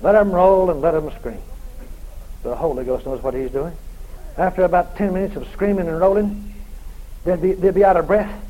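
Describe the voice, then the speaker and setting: A man preaching a revival sermon, shouting and hammering phrases over and over, then dropping quiet. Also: high-pitched, moderate pace, long pauses, dull audio, slight background noise. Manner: shouting, emphatic repetition, swings loud and quiet.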